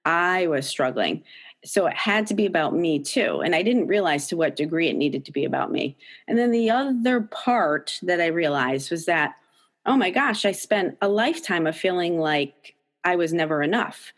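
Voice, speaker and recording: A woman's voice: on the low side, lively intonation, normal speed. A middle-aged woman talking candidly as an interview guest, emphatic and swearing freely, her voice jumping up when she quotes her own thoughts. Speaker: podcast guest, author.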